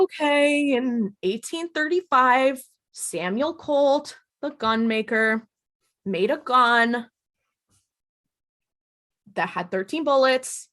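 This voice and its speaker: A woman co-hosting a podcast, retelling a TV episode in casual chat and acting out the characters' lines with animated energy. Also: high voice, slow pace, pauses often. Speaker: podcast co-host.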